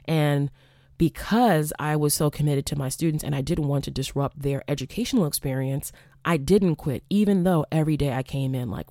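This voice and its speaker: A woman's voice: low-pitched, moderate pace, no echo, clean studio sound. Candid, profane young woman telling a story. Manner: profane, animated, acts out quoted exchanges. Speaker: podcast host, former college teacher.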